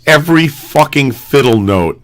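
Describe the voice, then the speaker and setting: A man co-hosting a live-streamed talk show. He talks loosely and profanely in a casual chat, jumping from one thought to the next. His voice sits at a middle pitch and he gets excitable. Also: normal speed. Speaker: co-host. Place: home studio streaming live.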